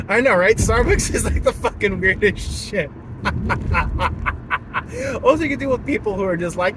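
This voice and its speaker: Casting: young man, lively swooping delivery, slightly high voice, car and road noise behind. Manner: animated, laughing often, puts on silly voices. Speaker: vlogger. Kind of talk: casual rant while driving. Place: in a car at a stoplight.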